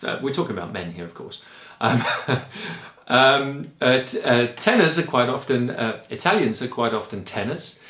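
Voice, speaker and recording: A man from England with a Kent accent, a choir director explaining singing in a relaxed, rambling way with frequent ums. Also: mid-range voice, normal speed, reverberant. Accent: Kent English. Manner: chatty and rambling, with frequent ums and light laughs. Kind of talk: relaxed spoken lesson.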